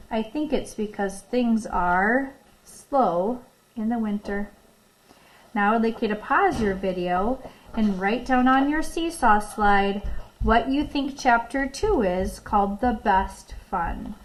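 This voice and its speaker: A woman teacher reading a picture book aloud in a recorded lesson. She reads expressively, stops to ask questions and tells the children when to pause. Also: mid-range voice, slight background noise, poor audio. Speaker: elementary school teacher.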